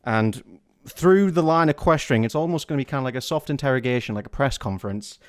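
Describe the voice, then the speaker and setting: A man's voice: mid-range voice, quick pace, clean tone, no room sound, clean studio sound. A man co-hosting a podcast, introducing a game in a playful announcer manner. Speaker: podcast co-host. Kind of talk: casual chat.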